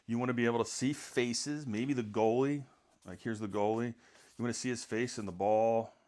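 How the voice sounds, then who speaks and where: A middle-aged man rambling casually through a photography gear vlog, joking at his own expense and often clearing his throat. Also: medium pitch, steady tone, normal speed, darkish tone. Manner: rambling, self-mocking, frequent throat clearing. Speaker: sports photographer.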